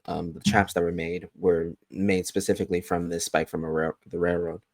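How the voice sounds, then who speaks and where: Deep-voiced man retelling a TV episode. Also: normal speed, no room sound. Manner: relaxed scene-by-scene retelling with fillers. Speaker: podcast co-host. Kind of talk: casual TV recap chat.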